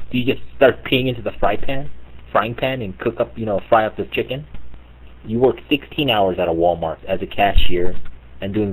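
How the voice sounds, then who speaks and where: A man with a husky, slightly low voice rants to his chat room, mocking and exasperated. He swears freely and piles on absurd scenarios in disbelief. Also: low-quality recording. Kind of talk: comedic rant on live chat.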